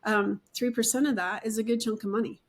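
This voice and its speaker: A middle-aged woman hosting a podcast, chatting in a relaxed, rambling way with asides and fillers. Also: fairly high pitch, brisk. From Utah. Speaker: podcast host, real estate agent. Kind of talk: conversational interview chat.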